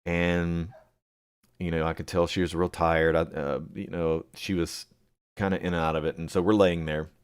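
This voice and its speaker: A man hosting a live chat, answering viewers by name and rambling with many pauses and fillers. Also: low voice, flat delivery, smooth. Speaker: livestream host reading chat.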